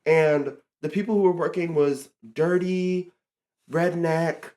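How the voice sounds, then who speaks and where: Animated teen guy telling a storytime. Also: fairly high pitch, takes it slowly. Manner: animated, exasperated storytelling with many fillers. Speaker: vlogger. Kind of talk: casual storytime.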